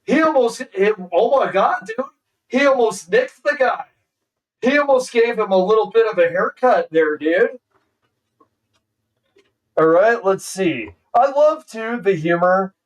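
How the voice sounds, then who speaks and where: A man with a high voice chats excitedly as he reacts to a movie on stream, throwing "dude" into almost every sentence. He sits a little back from the microphone, so his voice sounds slightly distant. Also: unhurried, long pauses. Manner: excitable, says "dude" constantly. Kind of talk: casual movie reaction commentary.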